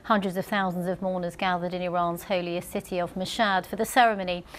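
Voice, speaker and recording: A woman's voice: lowish voice, level tone, fast talker. Woman anchor reading the news.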